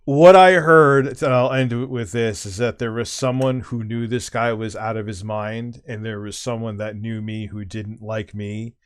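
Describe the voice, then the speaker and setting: Lowish-voiced guy rambling thru a story, swears a lot, casual stream chat. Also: steady tone, a little slow, few pauses, smooth. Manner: rambling anecdote with profanity and restarts. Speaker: streamer and host.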